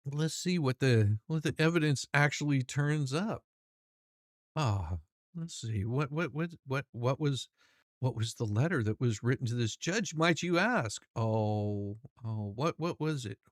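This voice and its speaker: A man's voice: medium pitch, lively intonation, measured pace, dry recording, studio quality. A man hosting his channel, reading court documents aloud and mocking the people in them, rambling with many restarts and swearing. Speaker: channel host.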